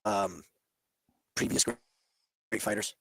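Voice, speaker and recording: A man's voice: on the low side, very slow, vocal fry, bright, forceful tone, breathy edge, no room sound, rough recording. A man co-hosting a betting stream over a video call, rambling with lots of fillers and swearing. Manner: rambling, filler-heavy, profane. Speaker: co-host. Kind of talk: live sports betting chat. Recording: dry, glitchy video-call audio.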